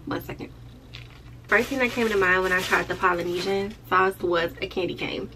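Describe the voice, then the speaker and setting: A woman's voice: medium pitch, moderate pace, pushed and bright, slight background noise. Chatty woman vlogging casually. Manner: chatty, loose and playful, talks straight to viewers. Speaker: lash tech vlogger. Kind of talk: casual vlog chat.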